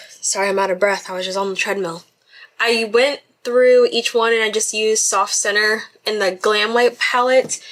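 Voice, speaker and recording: A woman's voice: fairly high pitch, fairly bright tone. A young woman chatting casually through a makeup tutorial in her bedroom, apologizing often and laughing at herself. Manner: chatty, apologetic, self-deprecating. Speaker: beauty vlogger.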